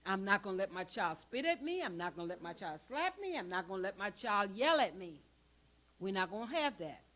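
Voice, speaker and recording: A woman presenting a parenting workshop in a church hall, emphatic and animated as she talks straight to the audience. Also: mid-range voice. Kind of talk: interactive church workshop teaching.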